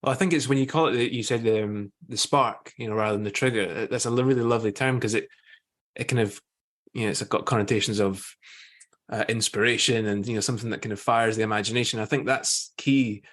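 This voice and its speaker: A man's voice: lowish voice, fast talker, a bit bright. A man hosting a podcast, musing thoughtfully with frequent hesitations and fillers. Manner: reflective, hesitant, many fillers. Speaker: podcast host. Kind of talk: casual interview chat.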